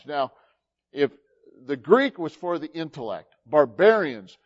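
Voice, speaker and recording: Male pastor, lively preaching delivery, voice pitched a bit high, dull lo-fi sermon recording. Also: unhurried. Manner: animated preaching, swinging between loud emphasis and quiet asides.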